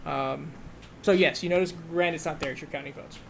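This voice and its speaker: Relaxed game master, lots of ums. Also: male voice, a little high, a little fast, creaky, a little hiss or hum. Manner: relaxed, filler-heavy narration. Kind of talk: narrating a tabletop game.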